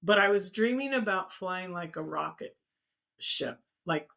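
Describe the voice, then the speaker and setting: A woman's voice: lowish voice, lively intonation, a little slow, creaky, fairly bright tone. Middle-aged woman telling a rambling story. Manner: rambling personal storytelling with restarts. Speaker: host. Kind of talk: casual conversation.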